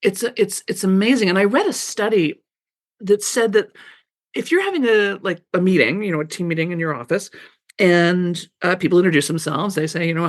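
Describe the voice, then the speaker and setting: A woman's voice: lowish voice, fairly quick. A middle-aged woman guest on a radio interview, chatting casually and animatedly, often laughing and acting out little quoted voices. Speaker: author guest.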